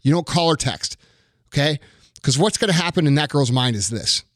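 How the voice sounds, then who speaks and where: A man's voice: on the high side, animated, fairly quick, a bit bright, no room sound, studio quality. A man giving blunt dating advice in casual podcast chat, profane and emphatic.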